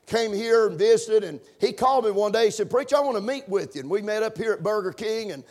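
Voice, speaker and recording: A man preaching a sermon, punctuating his points with amens and building to shouted emphasis. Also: high-pitched, lively intonation, quick pace. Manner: preaching with call-and-response amens, rising to shouts. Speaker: pastor.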